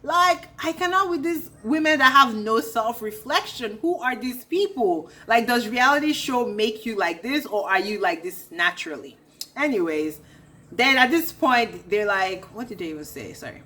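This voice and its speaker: A woman's voice: fairly high pitch, expressive, moderate pace, bright, forceful tone. A young woman ranting through a casual recap of a reality show, sassy and blunt with a gossipy edge.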